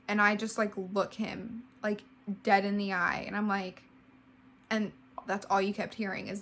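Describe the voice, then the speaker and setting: A woman's voice: medium pitch, steady tone, normal speed, fairly bright tone, a little hiss or hum. A woman in her twenties giving a casual storytime vlog, emotional and full of "like". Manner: heavy use of "like", emotional retelling. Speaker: vlogger.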